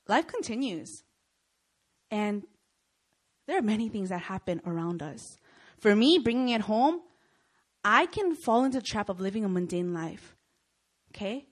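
A young woman giving a sermon to students, telling stories with lots of energy and often checking in with her listeners. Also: medium pitch. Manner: animated storytelling, often checks in with "Okay?" and "Right?". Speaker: speaker at a Christian student gathering.

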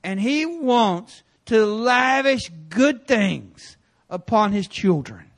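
A man preaching in a church sanctuary, his voice sitting high for a man. He tells stories with energy, jumping from loud, punchy lines to quiet asides. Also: slow pace. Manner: animated storytelling with sudden loud and quiet turns. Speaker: guest preacher. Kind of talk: sermon.

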